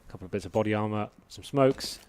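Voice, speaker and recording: A man commentating an esports match live, his voice sitting a little low and rising into excited calls during the action. There is a faint hiss of noise behind him. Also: fast talker. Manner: builds to excited shouts during fights.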